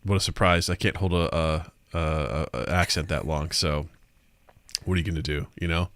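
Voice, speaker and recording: A man's voice: a bass voice, fairly even intonation, normal speed, a bit bright, dry recording. A man from Missouri, hosting a podcast in loose, rambling, jokey chat full of filler words. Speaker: podcast host.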